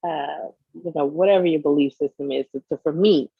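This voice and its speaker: Animated woman telling a candid story. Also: deep voice, brisk, creaky, breathy edge, no room sound, phone-quality sound. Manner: candid, animated, acts out scenes. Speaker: business owner guest. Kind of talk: personal storytelling in an interview.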